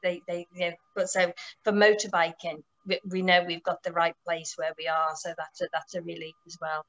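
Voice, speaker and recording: A woman's voice: on the low side, little pitch movement, moderate pace, fairly bright tone, lo-fi sound. Enthusiastic woman telling riding stories. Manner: enthusiastic, many restarts and fillers. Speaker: motorcycle tour operator. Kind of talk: casual storytelling.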